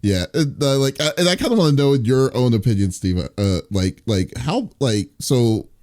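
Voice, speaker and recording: A man with a mid-range voice asks questions in a relaxed, easygoing way. He laughs easily and talks informally. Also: medium pitch, moderate pace, no echo, studio quality. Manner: laid-back, laughs a lot, says "y'all". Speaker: interviewer. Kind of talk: casual chat.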